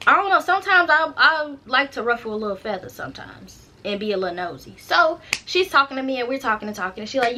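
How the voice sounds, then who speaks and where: A woman's voice: high voice, very animated, fast talker, few pauses, pushed and bright. A young woman casually telling a personal story straight to her viewers, chatty and slangy, often turning to the audience to check they follow. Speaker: storytime vlogger.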